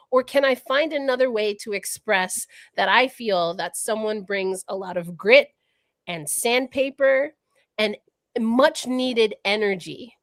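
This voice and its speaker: A woman's voice: fairly high pitch, measured pace, dry recording. A woman co-hosting a casual livestream discussion, talking in a thoughtful, reflective way, often restarting her sentences as she works through ideas. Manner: thoughtful, thinking out loud with many restarts. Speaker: podcast co-host.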